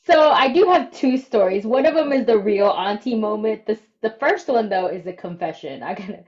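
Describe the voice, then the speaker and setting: A woman co-hosting a podcast in casual chat, animated and quick to play up her excitement. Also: mid-range voice, highs cut off. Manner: animated, quick to jump into exaggerated voices. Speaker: podcast co-host.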